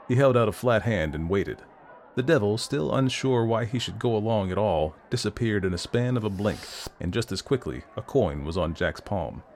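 Male folktale narrator, somewhat low, steady and expressive. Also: slight background noise. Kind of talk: storytelling narration.

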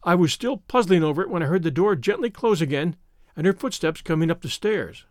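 A man's voice: a little high, animated, brisk, dry recording, clean studio sound. A man narrating a classic story in the first person, reading expressively as an audiobook narrator.

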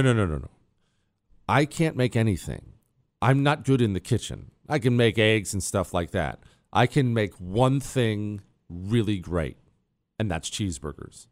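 A man's voice: mid-range voice, no echo. A man hosting a radio talk show, boasting in a joking way and teasing his producer, speaking into a studio mic. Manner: brash, self-mocking, jabs at an off-mic producer. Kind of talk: boastful comedic monologue. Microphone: studio microphone.

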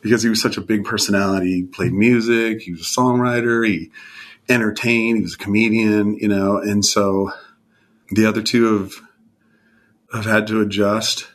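A man in his fifties from California, earnestly sharing a heartfelt personal testimony in conversation, his voice sometimes dropping to a hushed near-whisper. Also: lowish voice, level tone, moderate pace. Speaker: guest.

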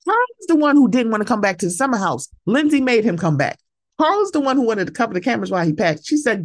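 Woman, podcast host, solo casual chat. Lively, expressive delivery that swears freely; close, dry recording. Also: a little high, quick pace, no room sound. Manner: animated and emphatic, swears freely, acts out quoted voices.

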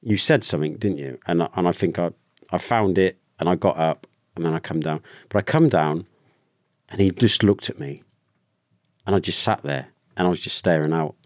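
A British man, a former soldier, telling a personal story openly in a podcast conversation, with halting restarts. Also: low-pitched, darkish tone, no room sound. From Britain. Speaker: guest, ex-soldier.

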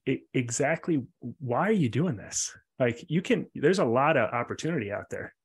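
A man answers as a podcast guest in a mid-pitched voice. He sounds thoughtful and reflective, posing questions to himself as he explains. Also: slightly rough. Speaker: podcast guest, real estate investor. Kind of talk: interview answer.

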